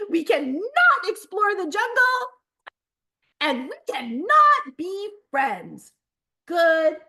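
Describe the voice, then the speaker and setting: Brief: a woman doing a bubbly little duckling, very high and swooping, slow and sweet. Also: exaggerated voice. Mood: dismayed. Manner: high, eager and excitable. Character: cheerful little girl duckling.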